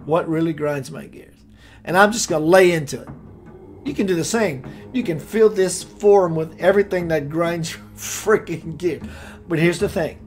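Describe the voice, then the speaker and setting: A man hosting a spiritual radio show, preaching with playful rhymes and sudden swings between loud and hushed. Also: on the high side, moderate pace, soft background music. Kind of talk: impassioned spiritual talk.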